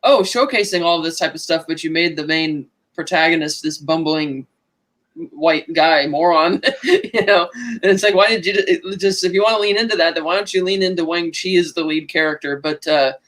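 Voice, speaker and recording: A man casually talking through a movie with his co-hosts, chatty and quick to laugh. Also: a little high, fairly bright tone. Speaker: podcast co-host.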